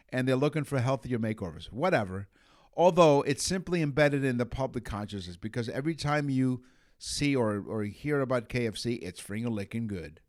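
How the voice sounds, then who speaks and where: Punning man reading trivia. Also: mid-range voice. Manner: jokey, punning, reads facts aloud. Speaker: podcast co-host. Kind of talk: casual chat.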